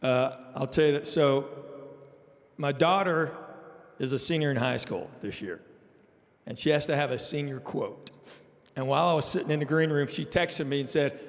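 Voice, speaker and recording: A man's voice: on the high side, moderate pace, pauses often, in a large hall. A man in his sixties from East Tennessee telling funny stories as an interview guest. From East Tennessee, USA. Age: 60s. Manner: joking, animated storyteller. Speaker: comedian guest. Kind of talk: casual storytelling interview.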